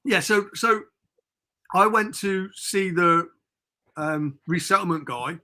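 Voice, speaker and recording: A middle-aged Englishman, a guest on a podcast recorded over a remote call, tells rambling stories in a casual, chatty, informal way. His voice sits high and sounds pushed and bright, and he speaks slowly.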